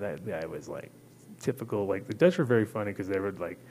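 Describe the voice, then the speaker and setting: A man's voice: lowish voice, fast, slight background noise. A man hosting a show, telling a long casual story full of swearing and acted-out quotes. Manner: rambling, profane, acts out voices in quotes. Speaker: host.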